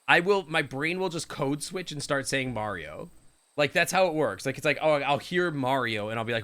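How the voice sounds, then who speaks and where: Canadian man, game streamer, bright tone, rambly jokey chat. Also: on the high side, lively intonation, normal speed. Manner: rambling, jokey, chatting with viewers. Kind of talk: live game stream commentary.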